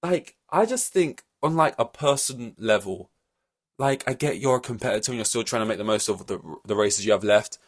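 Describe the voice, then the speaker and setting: A man's voice: mid-range voice, normal speed. A man hosting a solo podcast, ranting in an exasperated, rambling way with many fillers and restarts. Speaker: podcast host.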